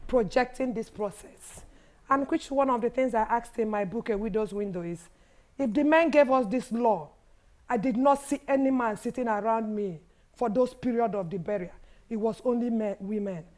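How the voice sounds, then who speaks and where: A woman in her fifties with a Nigerian English accent and a hoarse voice, telling her personal story haltingly as a guest on a TV panel. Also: fairly high pitch, a little mellow. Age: 50s. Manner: halting, restarts and repeats as she recalls. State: hoarse, has lost her voice. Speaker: guest, widows' foundation founder.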